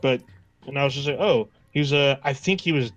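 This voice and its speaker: Relaxed rambling man, dry sound. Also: medium pitch, brisk, no room sound, highs cut off. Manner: relaxed, rambling, drops into quoted reactions. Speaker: podcast co-host. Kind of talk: casual livestream chat.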